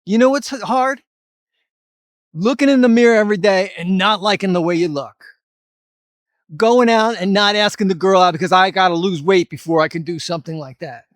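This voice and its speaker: A middle-aged man pitches his fitness advice straight at the viewer. He talks in a rather high voice, blunt and emphatic, with a bit of mild cursing. The room sounds dry, with no echo. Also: moderate pace. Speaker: fitness vlogger. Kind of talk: motivational talk to camera.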